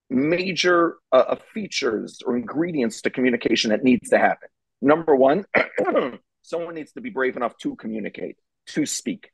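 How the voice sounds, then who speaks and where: Man, middle-aged, gravelly, husky, casual animated storyteller. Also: medium pitch, no echo, poor audio. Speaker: rabbi and parenting speaker. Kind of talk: storytelling on a charity broadcast panel.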